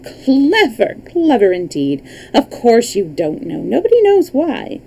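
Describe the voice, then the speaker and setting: A woman reading aloud, voicing a grand, flattering fox king in a storybook. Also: a little high, unhurried, creaky, slight background noise, exaggerated voice, low-quality recording.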